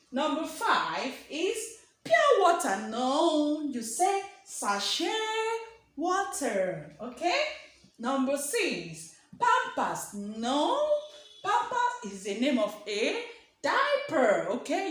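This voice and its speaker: Nigerian woman, teacher, emphatic, checks in with "okay?", slow, very echoey room. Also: high voice, fairly bright tone. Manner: emphatic, drills each point and checks in with "okay?". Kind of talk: video English lesson.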